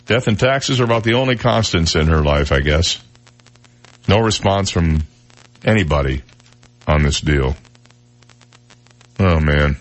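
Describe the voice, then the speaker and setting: A man's voice: low-pitched, expressive, measured pace, pauses often. A man hosting a talk radio show, chatting casually and reading news stories with wry, joking asides.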